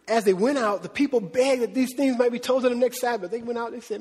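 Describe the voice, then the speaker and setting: A man preaching a sermon in an animated, conversational way, laughing and acting out quotes. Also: very high-pitched, quick pace, few pauses, breathy edge, long reverb tail. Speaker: pastor.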